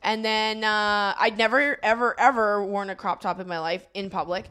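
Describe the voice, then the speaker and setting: A woman's voice: mid-range voice, steady tone, normal speed, bright, forceful tone, clear, resonant tone. A woman co-hosting a podcast, telling stories in casual chat, laughing easily and restarting her sentences. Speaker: podcast co-host.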